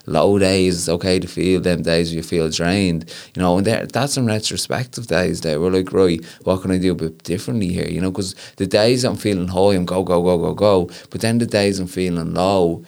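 A man's voice: deep voice, fairly even intonation, normal speed, few pauses, a little mellow. An Irish man talking earnestly as a guest in a casual conversation, often checking in with "you know what I mean". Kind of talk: casual chat.

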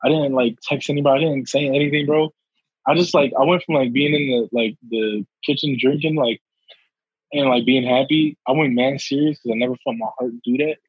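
A young man telling a casual, slangy story, animated and laughing often. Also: medium pitch, a little fast, slightly rough, no echo, lo-fi sound.

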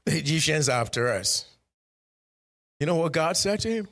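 A male pastor preaching a sermon. He acts out short bits of dialogue and builds up to loud, emphatic calls to his congregation. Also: fairly high pitch, normal speed. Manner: lively preaching that acts out dialogue in changing voices; rises to loud emphatic exhortation.

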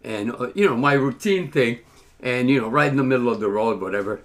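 A man's voice: medium pitch, fairly quick. A man casually telling a story to listeners, acting out the dialogue as he goes. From Canada. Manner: animated, acts out quoted dialogue.

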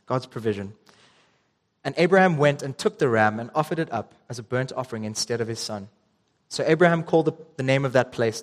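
A young man preaching a sermon, reading scripture and telling a casual story with ums and restarts. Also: medium pitch. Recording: long reverb in a hall.

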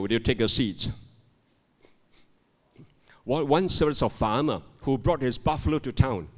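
A man's voice: medium pitch, moderate pace, long pauses. An older man preaching a sermon in a church, reading scripture and telling a joke while calling for amens. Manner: calls for amens, animated storytelling. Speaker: guest preacher. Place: church sanctuary. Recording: long hall reverb.

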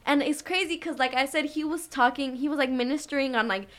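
Woman, slightly high voice, earnest casual faith chat, lots of fillers. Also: fast talker, fairly bright tone. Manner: earnest, chatty, many fillers. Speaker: co-host of a faith talk.

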